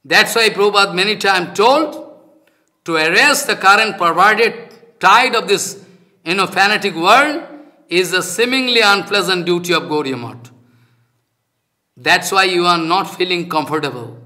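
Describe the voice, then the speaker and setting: A man's voice: high-pitched, a little slow, pushed and bright. An older man, a spiritual teacher whose first language is Bengali, giving a devotional lecture in an emphatic, repetitive manner with non-native phrasing.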